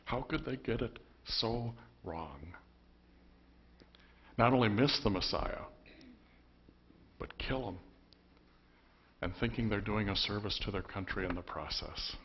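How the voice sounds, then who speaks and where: A man's voice: on the low side, unhurried, pauses often, dull audio, slight background noise. A man preaching a sermon as pastor, telling the story conversationally with emphatic bursts. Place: church.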